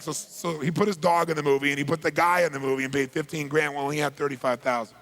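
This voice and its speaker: A man telling a story as a motivational speaker, emphatic and energetic, rising to near-shouts on key points. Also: a little high, quick pace, hardly any pauses.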